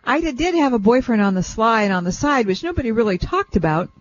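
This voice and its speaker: An older woman hosting a radio show, telling a family story in a chatty, animated way. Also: a little high, quick pace, slight background noise. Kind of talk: casual radio chat, storytelling. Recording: dull lo-fi radio sound.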